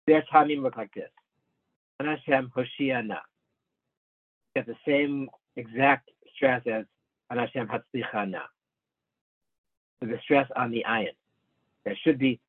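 A man teaching a small class over a video call, his voice thin and phone-like with no room sound around it. He explains step by step at a middling pitch, often breaking off and restarting mid-sentence. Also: no echo. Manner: patient explaining, many restarts, addresses students by name. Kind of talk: online study class, explaining Hebrew texts. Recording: narrow phone-like sound, dry.

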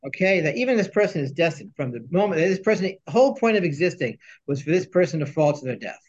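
A man's voice: a little high, sing-song, fast. A man teaching a text study class, reading Hebrew phrases and explaining them in English with joking asides. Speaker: Torah teacher. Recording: dull lo-fi sound.

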